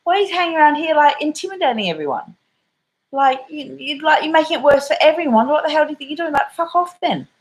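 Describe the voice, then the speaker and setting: A woman voicing a fed-up young woman with an Australian accent who tells off a rude crowd, high and brash and swearing. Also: lively intonation, fast, poor audio. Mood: scolding.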